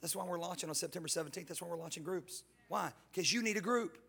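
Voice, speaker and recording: A male guest pastor preaching a sermon in church, animated and joking, with casual slang. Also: high voice, fast, vocal fry, slightly rough. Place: church sanctuary.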